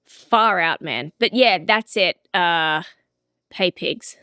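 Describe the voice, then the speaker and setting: A woman's voice: fairly low pitch, slow, bright, forceful tone, clean tone, no room sound. A woman co-hosting a podcast, chatting casually in a frank, blunt way and laughing easily. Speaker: podcast co-host. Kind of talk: casual chat.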